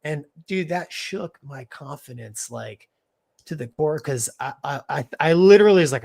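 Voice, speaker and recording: A middle-aged man with a slightly high voice tells a war story in an easy, casual way. He sounds animated and breaks into small laughs as he goes. His talk is loose, with restarts and "man" and "dude" scattered throughout. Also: moderate pace, gravelly. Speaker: co-host, former Navy fighter pilot.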